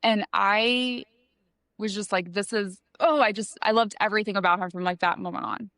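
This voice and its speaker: A woman co-hosting a casual book podcast, chatting with quick asides. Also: mid-range voice, steady tone, fairly bright tone, no echo. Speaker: podcast co-host.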